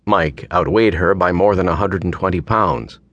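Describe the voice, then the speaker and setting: A man with a very low, deep voice narrates a gritty novel in a steady, measured way. He sits close to the microphone in a dead, dry recording booth with no room sound at all. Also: no room sound, highs cut off. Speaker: audiobook narrator. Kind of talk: scripted narration. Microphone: close studio mic.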